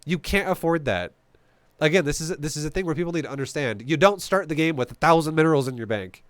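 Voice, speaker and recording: A man's voice: on the high side, expressive, fast talker, clear, resonant tone, dry recording. A man giving casual, profane gameplay commentary, blunt and joking as he explains strategy. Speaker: game commentator.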